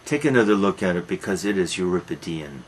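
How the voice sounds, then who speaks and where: A man's voice: low voice, expressive, brisk, slight background noise, poor audio. A man lecturing on a Greek tragedy, retelling it as a dramatic storyteller who repeats words for emphasis. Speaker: literature lecturer.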